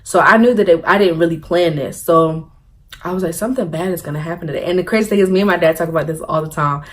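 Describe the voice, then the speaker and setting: A young woman tells a story-time vlog in a lively, animated way, laughing at her own jokes and acting out what people said. Her voice sits a little low for a woman. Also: fast talker. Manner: animated, laughing, acts out quotes. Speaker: vlogger.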